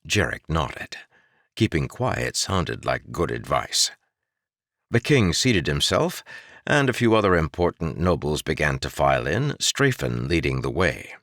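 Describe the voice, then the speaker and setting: A man narrating a fantasy audiobook in a steady storytelling manner. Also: extremely low pitch, dry recording, studio quality. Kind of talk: scripted narration.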